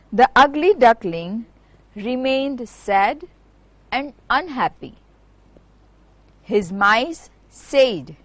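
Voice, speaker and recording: Woman teacher, lively pitch, dry close sound. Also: dry recording. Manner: slow, clear storytelling to students. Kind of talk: classroom storytelling and lesson. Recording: dull lo-fi virtual class audio.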